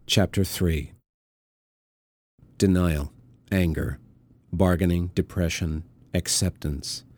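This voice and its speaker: A male narrator reading a novel in a measured, deliberate manner. His voice is very deep and mellow, with a warm, dark tone. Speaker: audiobook narrator. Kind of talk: scripted narration.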